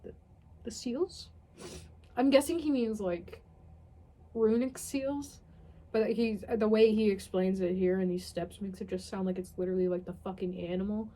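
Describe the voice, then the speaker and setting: A woman's voice: mid-range voice, fairly even intonation, moderate pace, warm tone. Young woman, tired, sardonic, reads aloud and comments in between, swears freely. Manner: sardonic, swears often, breaks into laughter. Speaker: vlogger reading a text aloud. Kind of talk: dramatic reading with casual commentary.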